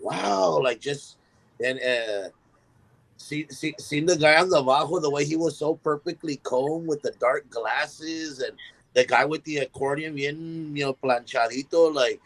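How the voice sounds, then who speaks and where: A man, a musician guest on a podcast, telling a story in an animated way and acting out the voices of the people in it. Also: on the high side, measured pace, creaky, rough recording. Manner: animated, acts out quoted voices in his stories.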